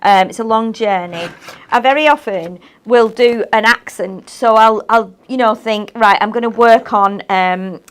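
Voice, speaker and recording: Chatty higher-voiced woman demonstrating crafts. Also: a little slow, clean tone. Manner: chatty, rambling, self-mocking. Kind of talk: live shopping craft demo chat.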